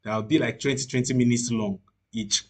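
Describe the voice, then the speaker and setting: A man's voice: mid-range voice, fairly even intonation, moderate pace, darkish tone. A man casually explaining pricing plans, hesitant and full of fillers. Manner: hesitant, many fillers and restarts. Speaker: tutorial presenter.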